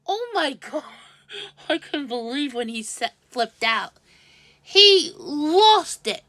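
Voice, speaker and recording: High-voiced woman telling an exasperated story. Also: sing-song, sharp tone, no echo. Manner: halting, restarts, rising exasperation. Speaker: vlogger. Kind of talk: casual storytelling vlog.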